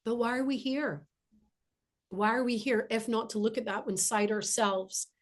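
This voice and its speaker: A woman with a slightly high voice gives an earnest spiritual talk. She speaks emphatically and circles back to repeat her key phrases for weight. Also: normal speed. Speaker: spiritual teacher. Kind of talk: inspirational spiritual monologue.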